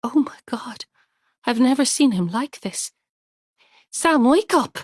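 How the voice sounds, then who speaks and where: A woman voicing a frantic wife who pleads with and shouts at an unconscious man. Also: mid-range voice, normal speed, no echo, clean studio sound, lightly acted. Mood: panicked. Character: frantic woman finding her hurt husband.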